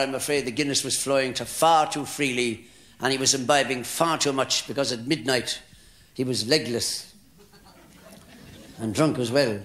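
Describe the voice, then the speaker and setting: An older Irish man telling jokes on stage in lilting, theatrical stand-up storytelling that builds to loud punchlines. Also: medium pitch. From Ireland. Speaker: stand-up comedian. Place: hotel function room with live audience. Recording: roomy live hall with crowd.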